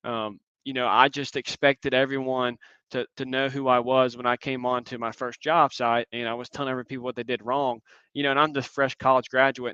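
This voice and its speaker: Earnest young man, forceful crisp voice, dry dull lo-fi sound, reflective conference speaker. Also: mid-range voice, no echo. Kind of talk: conference talk and Q&A.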